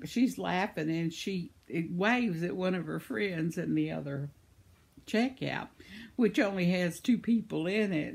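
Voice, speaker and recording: An older woman rambles through a personal story for her vlog, breaking into laughter often. Her voice is a little husky and swoops lively up and down as she chats. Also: lowish voice. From United States. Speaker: vlogger. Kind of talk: casual storytelling.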